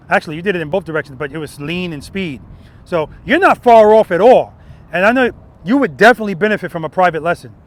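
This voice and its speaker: During a riding lesson in a parking lot, a motorcycle instructor speaks in a fairly high voice, coaching with emphasis and going over his key points more than once. A quick "right?" frequently checks that his students are keeping up.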